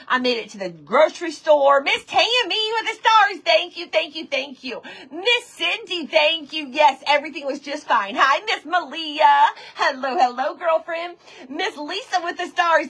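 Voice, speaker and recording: A woman's voice: high-pitched, fairly bright tone, breathy edge. A woman hosting a live craft stream, chatting casually and greeting viewers one by one by name. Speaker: livestream host of a craft show. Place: home woodshop.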